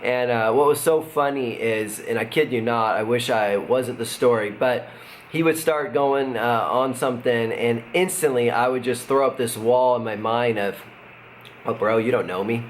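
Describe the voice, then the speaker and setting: Relaxed man giving a casual devotional. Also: mid-range voice, moderate pace. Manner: relaxed, conversational, with many fillers and chuckles. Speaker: pastor. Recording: faint background noise.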